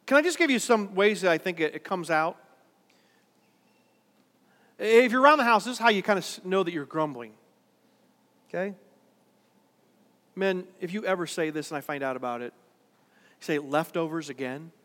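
Bright high-voiced male preacher in a hall. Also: expressive, moderate pace, pauses often. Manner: conversational preaching, rising to emphatic. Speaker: pastor. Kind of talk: sermon. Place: church worship center.

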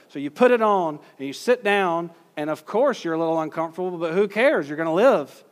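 A man's voice: high-pitched, expressive, brisk, few pauses. A man preaching a teaching sermon in an earnest way, acting out quoted voices in his illustration. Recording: long hall reverb.

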